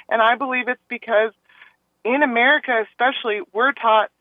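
A woman calling into a radio show, talking earnestly and rambling a little, acting out other people's words in animated asides. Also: fairly high pitch, a little fast, no echo. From Texas. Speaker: caller. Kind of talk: call-in radio chat. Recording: tinny phone line.

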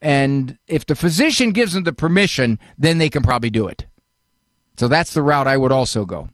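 A man's voice: mid-range voice, expressive, fairly quick, dry recording, studio quality. An older man hosting a call-in advice show, folksy and fatherly, often acting out what other people say. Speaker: radio call-in host, psychologist.

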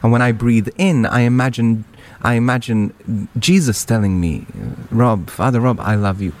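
A male priest speaks in a panel discussion, earnest and unhurried. He stops and restarts often, repeating words as he works out his point. His voice sits at an ordinary pitch for a man. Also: fairly even intonation, a little mellow. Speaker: Catholic priest.

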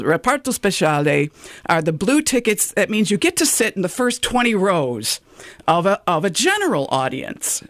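Woman, animated storyteller, lively swooping pitch, dry close sound. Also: dry recording. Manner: animated, self-quoting storyteller. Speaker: guest storyteller. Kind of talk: casual anecdote on talk radio.

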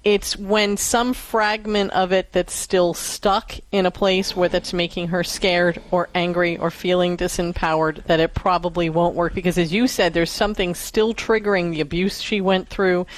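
A woman co-hosting a call-in advice show, calmly adding her own points to the advice. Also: lowish voice, normal speed, few pauses, no room sound, rough recording. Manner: calm, adds points to her co-host's advice. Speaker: radio advice co-host.

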